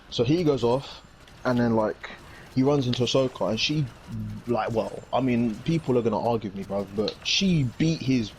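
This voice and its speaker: A man's voice: medium pitch, a little mellow. Young guy rambling through a show recap, loads of slang, bit of hiss behind him. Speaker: reviewer. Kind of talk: casual chat.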